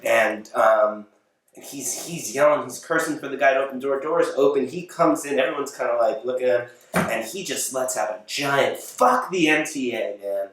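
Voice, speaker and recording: A man's voice: medium pitch, normal speed, a bit bright. A man hosting a home talk show in his apartment, delivering a casual monologue that rambles, corrects itself and breaks into chuckles mid-sentence. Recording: very echoey room, mic far off.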